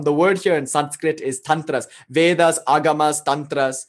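A man's voice: on the high side, steady tone, moderate pace. A man giving an informal lecture on spiritual ideas, speaking conversationally and often adding "you know" and small chuckles. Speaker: spiritual teacher.

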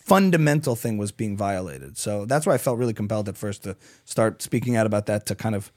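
Animated man rambling in casual chat. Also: fairly low pitch, brisk. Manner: animated, rambling with many restarts. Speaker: comedian guest.

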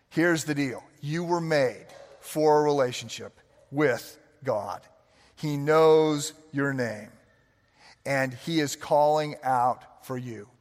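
A man preaching a sermon, earnest and conversational, telling stories with frequent restarts. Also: mid-range voice. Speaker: pastor. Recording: long hall reverb.

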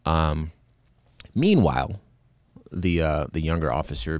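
A man's voice: deep voice, measured pace, long pauses, dry recording, studio quality. A man hosting a show, recounting a video in earnest, indignant commentary with many fillers and restarts. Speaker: podcast host.

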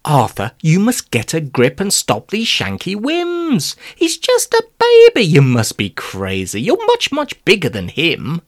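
A man's voice: a little high, wildly swooping pitch, voice pushed up, exaggerated voice. A man doing a bossy little schoolgirl. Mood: scolding. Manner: brisk, scolding. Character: bossy young schoolgirl friend.

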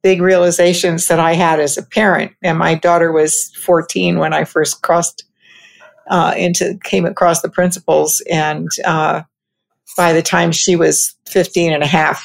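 Woman co-host with a lowish, fry-heavy voice, reflective and personal in tone. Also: flat delivery. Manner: thoughtful, personal storytelling with pauses. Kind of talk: casual reflective conversation.

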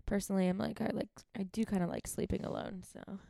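A woman's voice: medium pitch, steady tone, fast talker, creaky, warm tone, no echo, clean studio sound. A young woman co-hosting a podcast, chatting in a rambling, giggly way. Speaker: podcast co-host. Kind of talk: casual chat.

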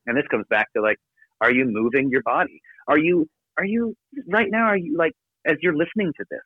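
A man giving an energetic, emphatic motivational talk from his office as a podcast guest. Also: fairly high pitch, dry recording. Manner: energetic, emphatic, rapid coaching delivery. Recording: dry, phone-like narrow sound.

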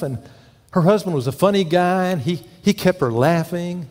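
Male pastor, higher-pitched, folksy sermon delivery, long church-hall reverb. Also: expressive, normal speed, a little mellow. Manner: folksy storytelling with questions to the congregation. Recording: long echo of a large hall.

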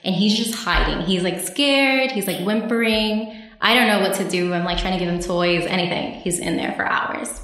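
A woman's voice: medium pitch, normal speed, fairly bright tone. A woman from New City, guesting on a podcast and telling stories in a chatty way, full of "like". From New York City. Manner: chatty, heavy use of "like". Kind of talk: casual storytelling. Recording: very echoey room.

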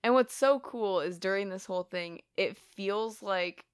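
Woman co-host, smooth voice, dry close sound, lively, laughs a lot while recapping a film. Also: mid-range voice, a little slow, no room sound. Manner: animated, laughs often, swears casually. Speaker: podcast co-host. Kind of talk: casual film recap chat.

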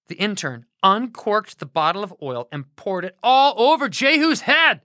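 A woman narrating a children's Bible story in a playful, expressive way, close to the mic. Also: mid-range voice, moderate pace, few pauses, no room sound.

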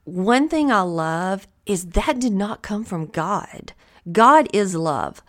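A woman's voice: medium pitch, lively intonation, slow. A woman host giving a conversational devotional Bible teaching, earnest and encouraging, often thinking aloud.

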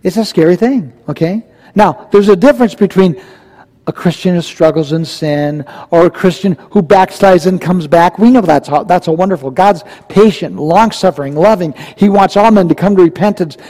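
A man's voice: sits high, normal speed, mellow. A male pastor preaching a verse-by-verse sermon in a conversational, emphatic way, often asking the congregation questions. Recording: long reverb from a large hall.

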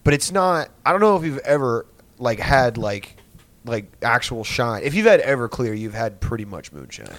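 A man's voice: mid-range voice, big pitch swings, normal speed, fairly bright tone, dry recording. Rambling, swearing young man. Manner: rambling, profane, full of filler words. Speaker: podcast host. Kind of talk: casual storytelling.

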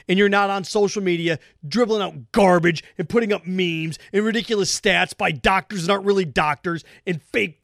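Male sports radio host, high-pitched and angry, sarcastic heated monologue, dry close mic. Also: gravelly, dry recording. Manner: heated, sarcastic, repetitive emphasis.

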